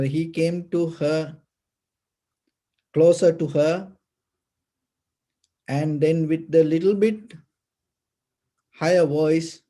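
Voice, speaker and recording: Man, Buddhist teacher, sermon, very slow pace, dark mellow tone, halting delivery. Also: on the high side. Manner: halting, with fillers and restarts.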